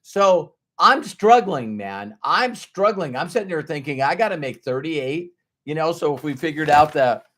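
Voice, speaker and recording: Man, business trainer, motivational storytelling, fairly high voice, animated, repetitive, emphatic. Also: moderate pace, few pauses.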